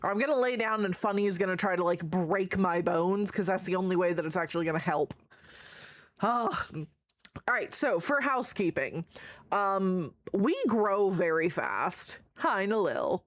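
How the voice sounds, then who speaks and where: With lively intonation and a fairly low pitch, a woman talks at a moderate pace with no echo during a casual stream. She's affectionate, greets viewers by name, and swears freely as she reads out the chat.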